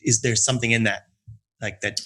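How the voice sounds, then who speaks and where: A man's voice: mid-range voice, steady tone, fairly quick, bright, forceful tone. Man asking rambling, searching questions. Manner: thinks aloud, rambling questions with many restarts. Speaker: podcast host. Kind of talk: conversational interview.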